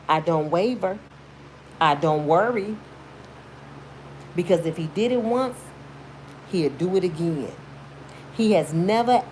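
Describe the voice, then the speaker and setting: A woman's voice: mid-range voice, a little mellow, a little hiss or hum. A woman in her fifties giving blunt, emphatic, sermon-like motivational commentary on her YouTube channel.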